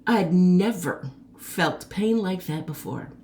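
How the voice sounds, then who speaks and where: A woman hosting her own show, telling a personal story in a chatty, animated way and acting out the people in it. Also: unhurried, heavy background noise. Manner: animated, acts out quoted people with sharp pitch jumps; chatty and conversational. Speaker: host.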